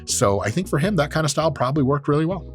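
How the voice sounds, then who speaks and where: Guy hosting, jokey and sweary, pitch jumping all over the place. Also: rapid-fire, faint music behind. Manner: profane, joking, animated. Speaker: host, exercise science professor. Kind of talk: casual commentary on training videos.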